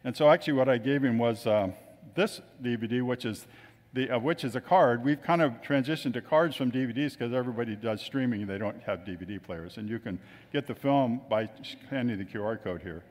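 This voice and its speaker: A man's voice: mid-range voice, brisk, a little mellow. A man telling chatty anecdotes to a gathering, acting out the voices of the people he quotes. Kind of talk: casual storytelling talk. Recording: long reverb of a hall.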